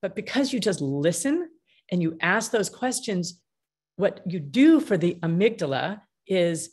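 A middle-aged woman, a mediator answering interview questions in an energetic, emphatic way and acting out the dialogue she quotes. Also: fairly low pitch, a little slow, breathy edge. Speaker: mediator and author.

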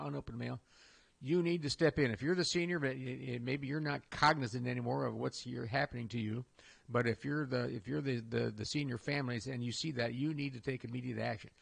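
Gravelly older man hosting a folksy radio show. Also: mid-range voice, fairly bright tone. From Iowa. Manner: folksy and rambling, with many restarts and chuckles. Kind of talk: casual radio talk. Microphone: studio microphone.

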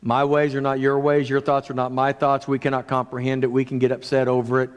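A man's voice: mid-range voice, completely flat delivery, fairly quick, clear, resonant tone. Preaching man in a reverberant church. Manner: earnest, shifting between raised and hushed delivery. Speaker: pastor. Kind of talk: sermon. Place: church sanctuary.

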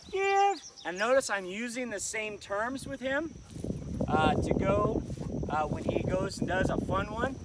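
A man who trains dogs, calmly explaining an outdoor lesson while he works the dog with short commands. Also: high voice, a little slow. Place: outdoors in the countryside. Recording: distant mic with outdoor noise.

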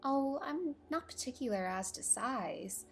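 A woman's voice: sits high, lively intonation, unhurried, gravelly, voice pushed up, heavily acted. A woman voicing a shy, polite young girl who talks hesitantly and earnestly, over faint music.

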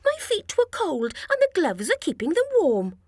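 A woman's voice: sits high, wildly swooping pitch, moderate pace, a little mellow, no echo, studio quality, pitched above the performer's own voice. A woman voicing a cheerful, playful female character in a children's story, speaking sweetly in a singsong way.

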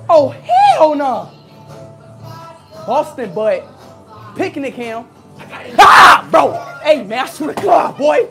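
A man's voice: very high-pitched, big pitch swings, slow pace, vocal fry, pauses often, over music. A young man streaming a haunted house walk, panicky, swearing and yelping in fright.

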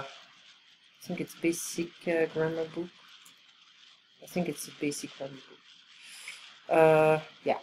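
Woman teacher, lowish voice, explanatory lesson, slow repeated phrases, faint background noise. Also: low-quality recording. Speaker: language teacher. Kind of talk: online lesson walkthrough.

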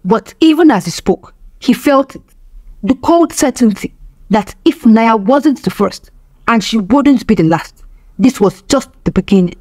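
A woman telling a dark folk tale in steady, dramatic scripted narration. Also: a little high, unhurried, no echo. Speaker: storyteller.

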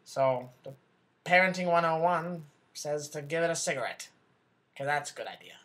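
Comedy sketch: a man as a self-important, bumbling male news anchor, voice on the high side, rambling and flustered. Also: normal speed, fairly bright tone, close to an everyday voice. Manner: rambling, flustered, corrects himself, talks back off-camera.

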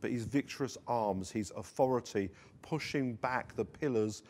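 Male pastor, mid-pitched voice, earnest sermon delivery with emphatic quotes. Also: moderate pace, a little mellow. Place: church service streamed online.

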